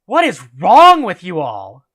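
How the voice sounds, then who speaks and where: Indignant teenage girl warrior, read by a man, lively intonation, storybook reading. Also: sits high, unhurried, heavily acted. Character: angry teenage girl warrior defending a friend.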